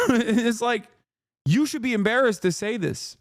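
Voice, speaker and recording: High-voiced ranting male streamer. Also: lively intonation, measured pace, no echo, studio quality. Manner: ranting, profane, mocking voices in bursts. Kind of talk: casual livestream commentary.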